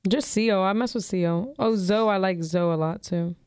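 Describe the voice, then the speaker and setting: A woman in casual chat who laughs often and talks in a relaxed, slangy way. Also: mid-range voice, normal speed, smooth, dry recording.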